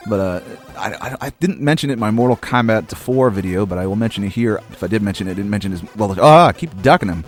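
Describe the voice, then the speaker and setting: A man from Maine in his thirties talks over a retro game in loose, rambling, profanity-laced commentary. His voice sits fairly low and his tone is wry and easygoing, with faint game music behind him. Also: fast, hardly any pauses, a little mellow. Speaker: host. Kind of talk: casual let's-play commentary.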